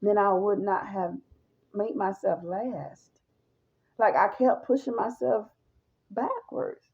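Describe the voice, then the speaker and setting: Woman, gravelly voice, emphatic testimony, dull lo-fi recording. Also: mid-range voice, takes it slowly. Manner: emphatic, speaks straight to listeners as y'all. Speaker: woman sharing her testimony. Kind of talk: personal testimony monologue.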